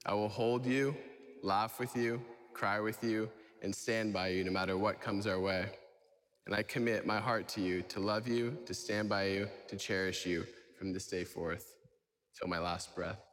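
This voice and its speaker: Groom, lowish voice, earnest and devoted, hall reverb. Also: male voice, steady tone, normal speed, fairly bright tone. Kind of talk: reading wedding vows. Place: wedding venue. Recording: echoey ceremony hall.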